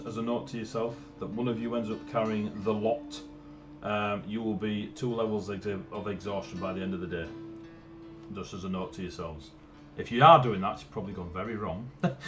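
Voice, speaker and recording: Laughing game master, low voice. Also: male voice, a little fast. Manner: laughing, loose and chatty, plays shopkeepers briefly. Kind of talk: running a tabletop game over a call. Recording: online call with faint music behind.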